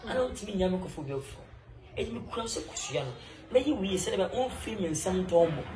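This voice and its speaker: A man's voice: high voice, animated, brisk, noisy background. A man with a Ghanaian accent performing an improvised comedy skit, rambling and laughing as he talks. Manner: rambling, laughing, breaks into singing praise. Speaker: comic actor.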